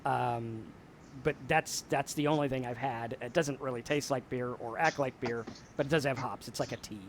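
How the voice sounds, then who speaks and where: A man's voice: medium pitch, fairly even intonation, normal speed, slight background noise. A male host reflectively telling stories in a casual talk about staying sober. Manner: reflective, storytelling. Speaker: show host.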